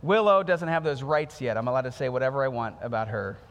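A man in his thirties, a pastor preaching a sermon in a conversational, storytelling way with animated quoted voices. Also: mid-range voice, quick pace. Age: 30s. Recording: music underneath, long hall reverb.

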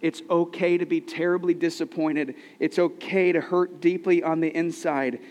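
A man's voice: on the high side, steady tone, moderate pace, a little mellow. A man in his thirties preaching a sermon, conversational and earnest, asking the listeners questions. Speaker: pastor. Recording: long hall reverb.

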